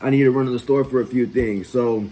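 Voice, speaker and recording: A man's voice: medium pitch, steady tone, fast, dark tone, low-quality recording. A man hosting his own channel, telling a personal story in a loose, profane, conversational way. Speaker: vlog host. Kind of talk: casual storytelling.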